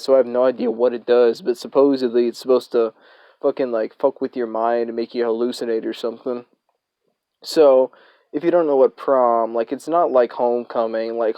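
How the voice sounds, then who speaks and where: A man's voice: mid-range voice, dry recording. A young man casually telling a rambling, profanity-laced story as a story time vlogger. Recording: dry, dull lo-fi recording.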